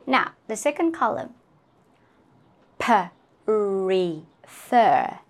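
A woman teaching English pronunciation, drilling each word several times and often checking in with a quick "huh?". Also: medium pitch. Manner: laughs at herself now and then.

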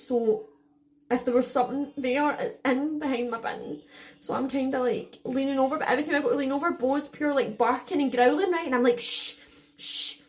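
Rambling, shaken young woman. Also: fairly high pitch. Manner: rambling, filler-heavy, swears a lot. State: shaken and jittery. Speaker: vlogger. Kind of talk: casual storytime to camera.

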